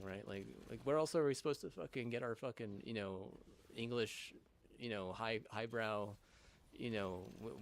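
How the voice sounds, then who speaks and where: A young man ranting in a rambling, profane way, full of fillers and restarts. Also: lowish voice.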